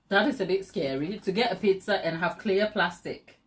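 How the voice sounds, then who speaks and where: A woman's voice: medium pitch, measured pace. A woman hosting a baking channel, chatting and teasing viewers during a live stream while she decorates, laughing often.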